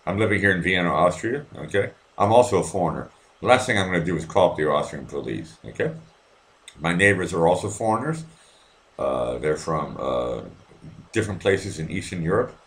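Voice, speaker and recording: Brief: very low-voiced male host from Boston, chatty and profane, stumbles and restarts a lot. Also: lively intonation, a little fast, a bit bright. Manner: rambling, profane, many restarts. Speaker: live show host. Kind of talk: casual live-stream talk with callers. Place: apartment at night.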